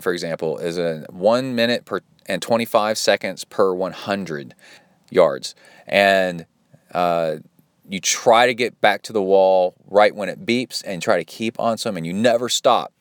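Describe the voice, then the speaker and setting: A man's voice: lowish voice, expressive, unhurried, clear, resonant tone, no echo, clean studio sound. A man hosting a podcast and coaching triathletes, chatting casually in a rambling, upbeat way with lots of fillers. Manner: rambling and upbeat, many fillers, mimics watch beeps. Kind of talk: casual chat reading listener donations.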